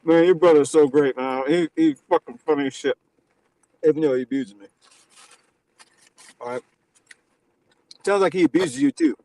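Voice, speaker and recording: A man hosting a live stream, teasing his guest with mock-serious, deadpan lectures in casual banter. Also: a little high, normal speed, pauses often, low-quality recording. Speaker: stream host.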